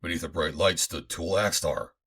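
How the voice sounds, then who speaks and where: A man reading a first-person adventure audiobook aloud, in a dramatic, expressive manner. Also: deep voice, normal speed, gravelly, husky. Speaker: audiobook narrator.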